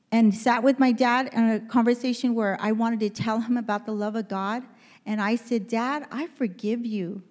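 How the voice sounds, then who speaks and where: A woman's voice: a little high, darkish tone, big-room sound. A woman in her fifties preaching a sermon in a church, earnest and conversational, often asking the congregation questions. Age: 50s. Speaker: pastor.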